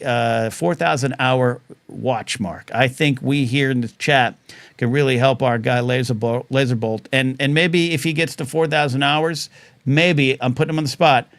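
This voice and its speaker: A man's voice: mid-range voice, a bit bright, no echo. A man hosting a live-stream talk show, rambling casually with lots of fillers, saying he is starting to lose his voice. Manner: rambling, chatty, many fillers and restarts. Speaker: host of a live call-in stream.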